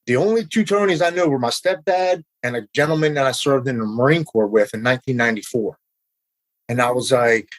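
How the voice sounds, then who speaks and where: A middle-aged American man, a podcast guest, telling his recovery story in an animated way and acting out the voices of the people he quotes. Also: medium pitch, a little fast, no room sound, low-quality recording.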